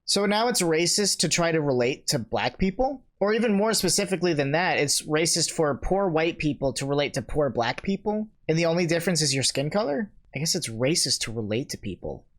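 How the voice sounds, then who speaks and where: A man's voice: a little high, lively intonation, a little fast, hardly any pauses. A man hosting a casual reaction video, reacting with dry, sarcastic asides and sometimes trailing off or restarting when unsure.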